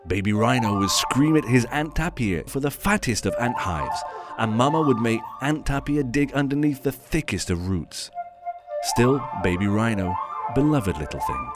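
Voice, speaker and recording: A man's voice: mid-range voice, lively intonation, normal speed, over loud music. A man performing a short story aloud, with theatrical, old-fashioned inverted phrasing. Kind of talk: scripted story narration.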